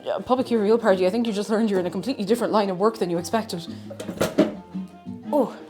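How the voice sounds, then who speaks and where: Talking fast in a mid-range voice with fairly even intonation, a woman cooks on a live stream in her home kitchen while music plays. She rambles casually, teases herself, and addresses both herself and the chat.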